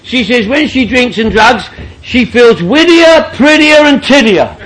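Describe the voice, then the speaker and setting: A middle-aged man with a strikingly high voice tells his story to a meeting room crowd. He is blunt and joking, swears freely and laughs through his lines. His tone is bright and sharp. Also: expressive, unhurried, rough recording. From London, England. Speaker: speaker sharing at a recovery meeting. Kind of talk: comic storytelling to a group.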